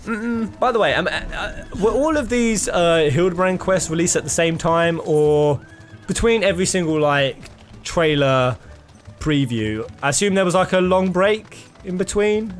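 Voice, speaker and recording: A man's voice: sits high, expressive, unhurried. A man casually chatting and laughing while streaming a game. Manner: chatty, laughing, playful asides. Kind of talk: casual gameplay commentary.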